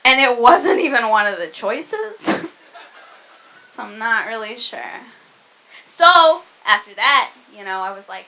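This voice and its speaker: A young woman from Arkansas works a comedy club crowd with a bright, ringing voice that sits a little high. She talks to the audience like friends, mocking herself and checking in with them often. The set has the loose, conversational pace of club stand-up. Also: very animated, takes it slowly, low-quality recording. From Arkansas, US South.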